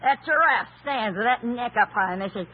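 A man preaching a sermon in an emphatic storytelling style, with rhetorical questions, and raising his voice to a shout for stress. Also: very high-pitched, animated, normal speed, slightly rough. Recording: tinny phone-like sound.

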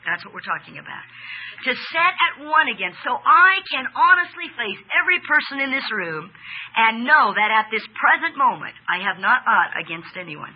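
Her voice fairly high and slightly rough, with big swings in pitch, a woman preaches through dull audio. She leans hard on key words by stretching them out and questions the congregation, drawing responses.

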